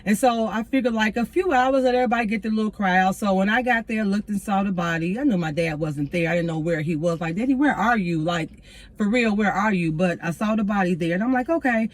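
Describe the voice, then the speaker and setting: A woman's voice: medium pitch, fast. A woman, a teacher, sitting in her car and telling a personal story to viewers in a casual, earnest and reflective way, with spiritual turns. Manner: casual, addresses viewers as y'all. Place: inside a parked car.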